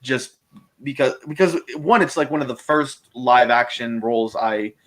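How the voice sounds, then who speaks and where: A male voice actor talks through his roles in a relaxed interview. His speech wanders, packed with fillers, restarts and frequent laughter. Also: mid-range voice, moderate pace. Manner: rambling, full of fillers and restarts, laughs often. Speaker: voice actor guest. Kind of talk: casual interview chat.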